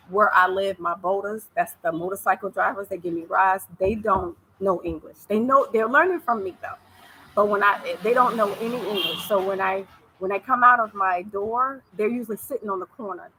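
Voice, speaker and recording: A woman's voice: mid-range voice, moderate pace, bright, forceful tone, a little hiss or hum, low-quality recording. An American woman giving casual advice in a vlog, chatty and repetitive, laughing easily. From United States. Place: living abroad in East Africa.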